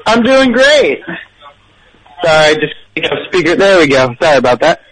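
A woman's voice: low-pitched, very animated, moderate pace, fairly bright tone, poor audio. A woman calling in to a radio show, upbeat and eager. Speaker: caller. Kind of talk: phone-in chat.

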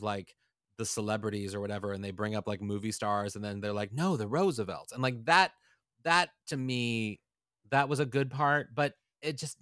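A man's voice: mid-range voice, a bit bright, clear, resonant tone, dry recording, studio quality. A man co-hosting a podcast, talking casually and rambling with lots of hedging. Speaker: podcast co-host. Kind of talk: casual chat.

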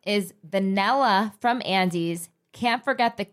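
A woman's voice: medium pitch, a little slow, a bit bright. A young woman co-hosting a podcast, chatting casually and exclaiming with frequent laughter. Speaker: podcast co-host. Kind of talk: casual chat.

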